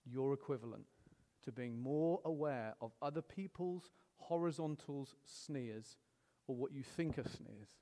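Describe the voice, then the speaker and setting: A middle-aged man preaching a sermon, animated, swinging between loud exclamations and hushed storytelling. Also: medium pitch, unhurried, in a large hall.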